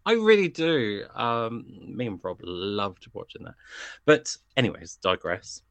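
A man's voice: lowish voice, sing-song, unhurried, no echo. A man chatting casually as a song review panelist, rambling and digressing with lots of fillers.

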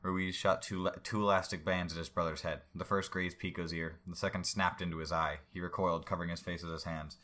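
A man reading a story aloud in an unhurried way, with asides about the text. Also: sits low, level tone, bright, forceful tone.

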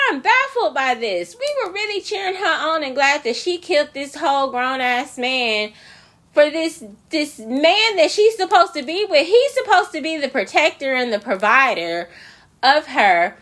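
A high-voiced woman hosts a solo podcast rant, her pitch swinging widely between lines. She talks with profane, incredulous emphasis and keeps hammering the same points. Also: fairly bright tone. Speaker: podcast host.

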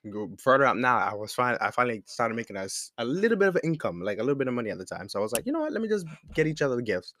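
Young man, podcast host, candid rambling storytelling, mid-pitched voice, dry close sound. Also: very animated, rapid-fire, few pauses, a bit bright, dry recording. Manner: candid, rambling, self-correcting, slangy. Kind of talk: casual storytelling monologue. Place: room with a squeaky chair.

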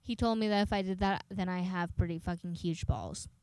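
A woman's voice: lowish voice, a little fast, a little mellow, no room sound. A young woman casually telling a story, swearing often and acting out the people she talks to. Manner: chatty, swears a lot, dramatic retelling of dialogue.

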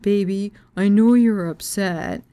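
A woman voicing her sheepish, evasive adult boyfriend, who talks haltingly with uhs. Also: sits high, dark tone, smooth, no room sound. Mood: coaxing.

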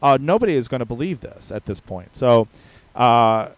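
A man's voice: mid-range voice, lively intonation, normal speed, no room sound. Blunt, rambling man on a dry mic. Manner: frank and blunt, rambling with many fillers. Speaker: podcast co-host. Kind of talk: casual chat.

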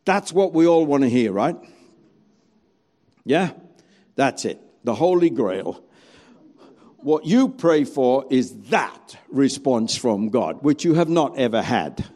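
A man preaching a sermon as a pastor, animated and full of rhetorical questions. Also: medium pitch, slow, pauses often.

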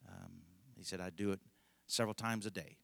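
A man's voice: deep voice, fairly even intonation, fairly quick, vocal fry, a bit bright, dry recording. A middle-aged male pastor telling a rambling, folksy story in a conversational sermon, laughing often.

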